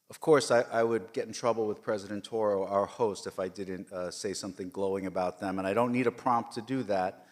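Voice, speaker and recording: A man's voice: lowish voice, steady tone, moderate pace. Man giving an upbeat speech in a reverberant hall. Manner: emphatic, repetitive speechmaker with many fillers. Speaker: system leader giving a report. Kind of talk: formal speech at a board meeting. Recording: long reverb of a large hall.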